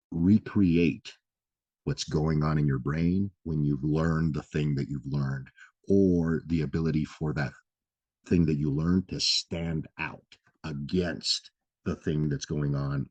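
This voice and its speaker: A man's voice: very deep voice, darkish tone, breathy edge, dry recording, lo-fi sound. A man hosting a health vlog, explaining in a loose, casual way, full of fillers and repeated "right?". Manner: loose, filler-heavy, keeps asking "right?"; swears casually. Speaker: vlog host giving health advice.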